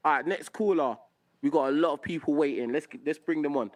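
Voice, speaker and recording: A man's voice: fairly high pitch, brisk. A young man hosting a call-in show, arguing insistently and repeating himself. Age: young adult. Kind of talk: heated call-in argument.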